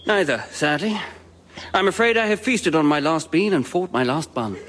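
An actor playing a jaunty, upper-class duke with a breezy manner in a comedy sketch. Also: male voice, a little high, animated, moderate pace, a bit bright. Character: doomed aristocratic duke, breezy and cheerful.

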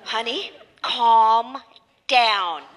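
A meddling, fretful mother in a comedy sketch, her voice high, bright and swooping all over the place. She nags and frets dramatically, and a long reverb trails behind her. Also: big pitch swings, measured pace, heavily acted. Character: fussy, meddling middle-aged mother, anxious. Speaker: mother calling her son.

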